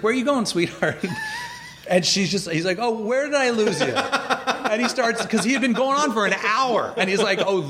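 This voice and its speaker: Man, somewhat high voice, chatty guest who mimics people when quoting them. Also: slight background noise. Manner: animated, acts out quotes in a raised voice. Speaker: animated series co-creator guest. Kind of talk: casual conversation.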